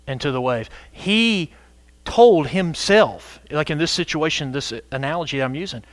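A man preaching a sermon as pastor, animated and conversational, breaking into sudden shouts for emphasis. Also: fairly high pitch, normal speed, no echo.

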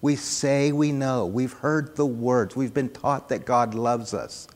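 A man preaching a sermon, soft-spoken and earnest, repeating phrases for emphasis, into a microphone on a church sound system. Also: mid-range voice, fairly even intonation, slow. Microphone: handheld or stand microphone on a PA. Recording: long hall reverb.

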